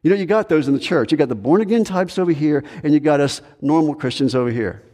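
In a church sanctuary with long hall reverb, a pastor preaches an earnest sermon packed with rhetorical questions, his voice climbing high whenever he plays a reluctant believer. He speaks fast in a mellow tone.

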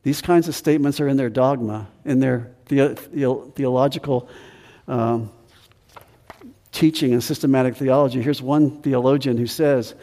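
A man preaching a sermon with earnest emphasis, slowing down on key phrases and rising in pitch when stressing a point. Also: fairly even intonation, dark tone. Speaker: pastor. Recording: long hall reverb.

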